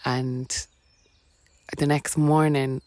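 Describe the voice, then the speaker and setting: A woman's voice: very deep voice, little pitch movement, very slow, darkish tone, no room sound. A woman with an Irish accent, a podcast guest telling a personal story in a rambling, filler-heavy way with frequent laughs. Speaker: podcast guest, wellness coach.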